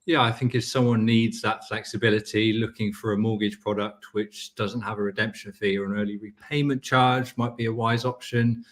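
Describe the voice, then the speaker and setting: A man in a casual chat on a video call, giving measured mortgage advice. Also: lowish voice, level tone. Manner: measured, advisory.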